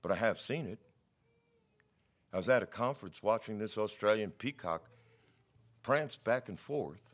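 A middle-aged man preaching a sermon, telling stories in a wry, skeptical, animated way. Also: lowish voice, normal speed.

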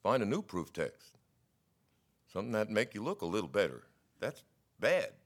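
A middle-aged man preaching a sermon, telling stories in a wry, skeptical, animated way. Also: on the low side, moderate pace.

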